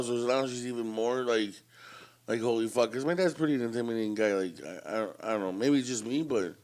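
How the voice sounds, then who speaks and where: A man co-hosting a podcast, telling a family story in an animated, profane way. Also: medium pitch. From Canada. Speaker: podcast co-host. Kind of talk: casual storytelling.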